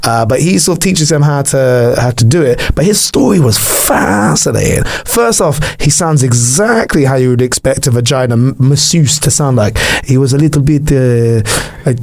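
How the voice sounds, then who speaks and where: A man's voice: medium pitch, lively intonation, moderate pace, creaky, a little mellow. A man, co-hosting a podcast and telling crude, jokey stories in a rambling, casual way. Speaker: podcast co-host. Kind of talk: casual chat.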